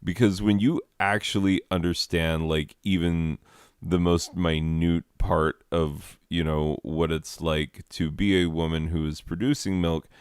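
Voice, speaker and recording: Deep, slow-talking man riffing exasperatedly. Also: level tone, clear, resonant tone, dry recording, studio quality. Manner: rambling, exasperated, lots of "like" fillers. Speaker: comedy commentator reading slides. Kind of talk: casual comedic commentary.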